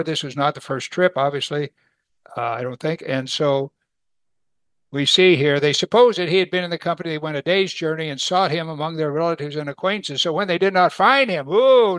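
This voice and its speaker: A middle-aged man gives a relaxed Bible teaching with a slightly high voice and a gravelly edge. He speaks in a folksy, conversational way and chuckles as he acts out the people in the story. The sound is dry and close. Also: no room sound.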